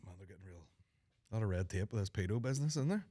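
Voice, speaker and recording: A man's voice: fairly low pitch, animated, very fast, dark tone, husky, no echo. A man in his thirties with a Northern Irish accent, hosting a comedy podcast with crude, sweary, jokey chat. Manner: crude, sweary and jokey, slipping into mock voices. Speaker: podcast host.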